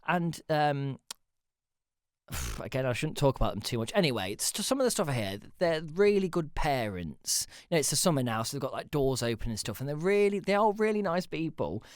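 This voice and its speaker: Chatty man, lively pitch. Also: a little fast, no room sound, studio quality. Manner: rambling, chatty, self-deprecating, swears casually. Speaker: podcast host. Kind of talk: casual solo podcast chat.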